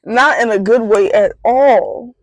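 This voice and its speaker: Animated young woman telling a story. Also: a little high, takes it slowly, dry recording, rough recording. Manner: animated, disbelieving retelling. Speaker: vlogger. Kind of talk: casual storytime vlog.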